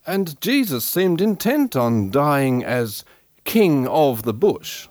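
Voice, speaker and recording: A man narrates a scripted story at a slow, deliberate pace. His voice is high and very animated in pitch. The sound is dry and close. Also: no echo.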